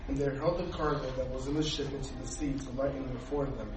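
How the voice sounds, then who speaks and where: Man reading scripture aloud, steady, distant, echoey room. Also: medium pitch, fast talker. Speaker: group member reading scripture. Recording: roomy, distant, with noise.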